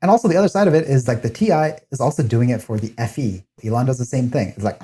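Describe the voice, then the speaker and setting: A man in casual commentary with a middling voice. He talks loosely and animatedly, jumping up in pitch to act out the people he quotes. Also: quick pace, hardly any pauses, mellow.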